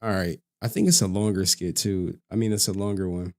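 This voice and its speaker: A man's voice: deep voice, fairly even intonation, brisk, noisy background. A man chatting casually as a streamer, laid-back and talkative while reacting to a video.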